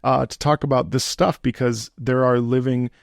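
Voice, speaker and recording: Male host, gravelly mid-range voice, lively and chatty, dry close sound. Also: medium pitch, moderate pace, dry recording. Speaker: interview host. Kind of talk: conversational interview.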